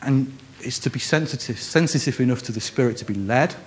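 A man's voice: mid-range voice, fairly quick. A man with a Scouse accent from Liverpool, preaching in a conversational, joking way, often restarting his phrases. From Liverpool, England. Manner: self-deprecating humor, frequent restarts. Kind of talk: conversational sermon.

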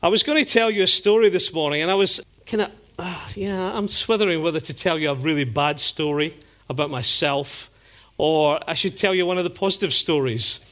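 A man delivers a sermon in a fairly high voice. He tells his stories vividly and slips into different voices to act out each scene. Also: a little fast. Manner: storytelling, acting out scenes with lively voices. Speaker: preacher.

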